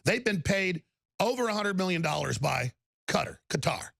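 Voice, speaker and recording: A man hosting a talk show, delivering an angry, insulting rant that breaks into shouting. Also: high voice, sing-song, moderate pace, vocal fry, dry recording, studio quality. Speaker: talk radio host. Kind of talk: ranting talk show monologue.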